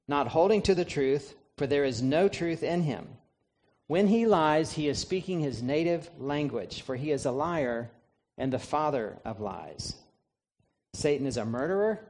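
A man's voice: a little high, darkish tone. A man preaching a sermon, emphatic, asking the listeners rhetorical questions and answering them himself. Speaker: pastor.

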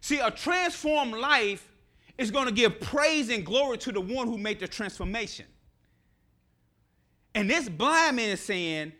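A middle-aged preacher, delivering a sermon to his congregation. His voice sits high for a man and swings widely in pitch, bright and forceful. He leans into repetition and acts out the scripture dialogue as he goes. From Nashville, Tennessee. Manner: animated preaching, acts out scripture dialogue, repeats key phrases.

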